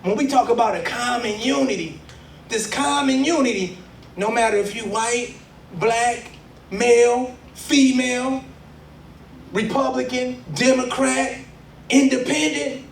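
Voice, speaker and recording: A man in his forties with a strikingly high voice delivers a rhythmic, preacherly speech. He builds to loud emphatic peaks. He sounds distant in an echoey hall, with faint room noise underneath. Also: fairly even intonation, a little slow, creaky. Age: 40s. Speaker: exonerated speaker at a book launch. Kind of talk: impassioned spoken-word speech to a crowd. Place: community event hall with audience. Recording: echoey hall, mic from far off.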